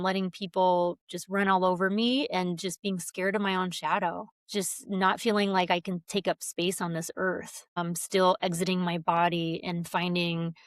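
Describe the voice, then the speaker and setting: Woman guest on a podcast, kinda low voice, earnest and open, dry close mic. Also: dry recording. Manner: earnest, open, laughs often, acts out her own inner voice. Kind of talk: reflective conversational interview.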